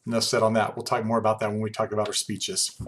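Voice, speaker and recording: A man in his forties, a college instructor, giving a fast, conversational lecture full of personal stories. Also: on the low side, monotone, fairly bright tone, slight background noise. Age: 40s. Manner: fast-talking, conversational, uses personal anecdotes. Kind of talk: classroom lecture.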